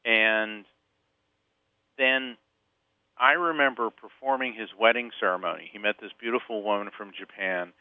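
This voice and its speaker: A man from Central Florida telling a personal story as a podcast guest, lively and acting out the voices in it. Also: fairly low pitch, moderate pace, long pauses, no room sound. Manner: animated storyteller, acts out quoted voices. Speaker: psychic medium and author, podcast guest. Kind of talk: storytelling interview. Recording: phone-line sound, dry.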